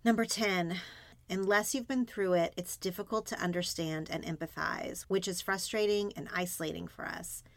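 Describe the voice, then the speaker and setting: Gravelly, empathetic woman host. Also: fairly low pitch, steady tone, normal speed, no echo. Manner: supportive, empathetic interviewer. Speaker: podcast host. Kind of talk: interview conversation.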